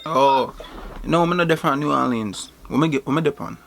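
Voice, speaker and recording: A man's voice: a little high, normal speed, vocal fry, a little hiss or hum. A man putting on a flirty Jamaican-accented guy. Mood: laid-back flirty. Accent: Jamaican, put on. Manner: slangy, relaxed patois-style chatter.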